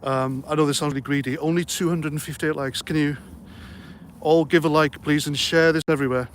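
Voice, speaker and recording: A man's voice: on the high side, fairly even intonation, brisk, a little hiss or hum. A middle-aged man hosting a casual livestream, reading out comments and chatting in a rambling, jokey way, a little out of breath. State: slightly out of breath. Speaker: livestream host.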